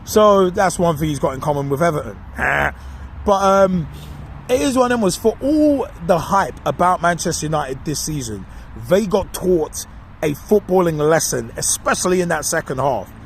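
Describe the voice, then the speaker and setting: A man's voice: on the high side, normal speed, a little hiss or hum. Gleeful man ranting about football. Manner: animated, mocking and gleeful. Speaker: podcast co-host. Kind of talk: casual football opinion monologue.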